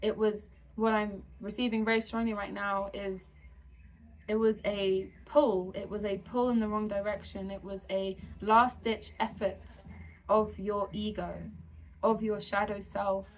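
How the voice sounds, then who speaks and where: A woman channeling a spiritual message to her viewers, speaking slowly and soothingly in repeated affirmations. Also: medium pitch, flat delivery, slight background noise, rough recording. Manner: slow, soothing, repetitive affirmations.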